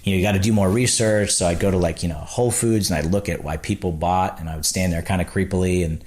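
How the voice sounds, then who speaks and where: A man with a very low, deep voice tells his founding story in a relaxed podcast chat. He acts out the people he quotes and fills his talk with "like" and "I was like.". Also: fast. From Florida. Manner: animated storyteller acting out quotes, lots of "like". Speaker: podcast guest, snack bar founder. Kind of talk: casual storytelling interview.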